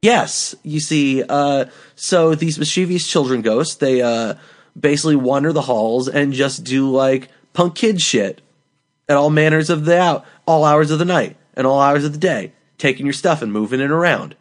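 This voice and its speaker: A man's voice: on the high side, moderate pace. A man co-hosting a comedy podcast, improvising a story in a rambling way with many fillers. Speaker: podcast co-host.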